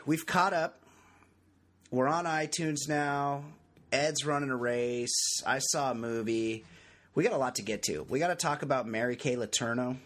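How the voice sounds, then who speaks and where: A man's voice: mid-range voice, a bit bright. A man hosting a casual podcast, joking and rambling in loose banter. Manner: jokey, rambling, self-mocking. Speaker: podcast host.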